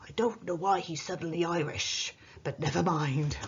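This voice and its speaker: A woman teacher giving a recorded writing lesson to children at home, in a slow, sing-song delivery with a playful pirate voice now and then. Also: lowish voice, husky, dull audio. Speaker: primary school teacher.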